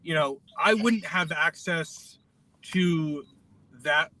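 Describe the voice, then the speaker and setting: A man's voice: a little high, takes it slowly, pushed and bright, rough recording. A man co-hosting a casual talk show, speaking with hesitant restarts as he explains his own work. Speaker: podcast co-host. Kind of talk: casual chat.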